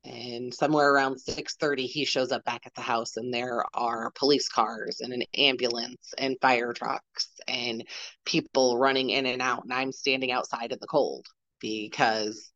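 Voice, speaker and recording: A woman in her forties, a podcast guest, telling a personal story in a halting way, retelling what people said. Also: a bass voice, steady tone, a bit bright, dry recording, dull audio. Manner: halting, retells dialogue with "I'm like".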